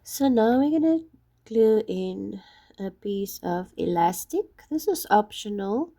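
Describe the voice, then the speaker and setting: A woman with a husky voice from being ill, patiently explaining each step of a craft project. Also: medium pitch, sing-song, slow, dark tone. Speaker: craft tutorial maker.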